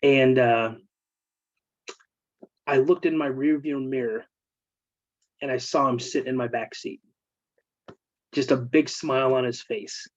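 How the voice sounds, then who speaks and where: A man's voice: medium pitch, dry recording. Earnest man telling a heartfelt story. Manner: earnest, emotional, halting with fillers. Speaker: guest, military veteran. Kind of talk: casual storytelling interview. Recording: dull, dry remote call audio.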